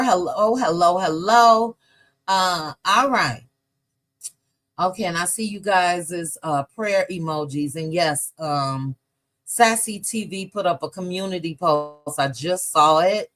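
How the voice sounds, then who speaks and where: A woman hosting a casual livestream, chatty and warm toward her viewers, greeting each one by name as she scrolls the chat. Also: on the low side. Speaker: livestream host.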